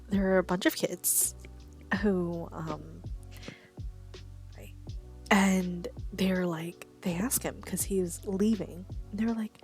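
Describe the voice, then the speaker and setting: A woman's voice: lowish voice, steady tone, takes it slowly, long pauses, soft background music. A woman streaming, telling stories in a casual, chatty way, laughing often and swearing. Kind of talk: casual stream chat, storytelling.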